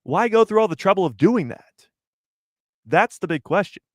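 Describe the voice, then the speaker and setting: A man's voice: high voice, animated, normal speed, darkish tone, dry recording. Young guy hosting a live stream, bouncy up and down voice, teasing his chat, dry close sound. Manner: playful, teasing, rhetorical questions to chat. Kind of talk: casual live stream commentary.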